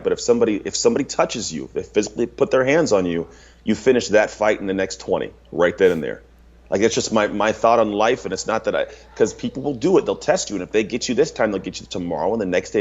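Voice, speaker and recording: A man's voice: on the low side, dull audio. A man in his thirties talking bluntly and emphatically as an interview guest, with lots of casual filler and swearing. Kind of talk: candid interview talk.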